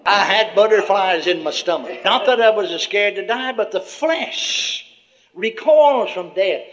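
Older preacher, high voice, folksy testimony with chuckles, muffled lo-fi tape. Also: male voice, measured pace, a bit bright. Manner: folksy storytelling, chuckling asides, many "you see". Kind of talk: sermon testimony. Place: church gathering before a congregation. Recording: muffled lo-fi recording.

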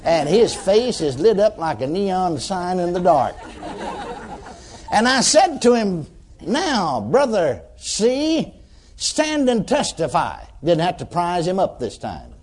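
A male preacher telling a story from the pulpit in a folksy, animated manner. His voice sits a little high and rises and falls freely as he acts out the scene. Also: measured pace. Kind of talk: storytelling sermon.

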